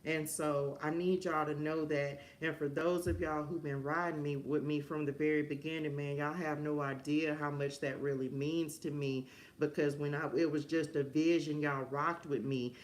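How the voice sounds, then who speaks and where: A woman's voice: deep voice, flat delivery, normal speed. A woman hosting a live stream, giving a fervent, emotional motivational message with preacher-like repetition. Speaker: live-stream host and life coach.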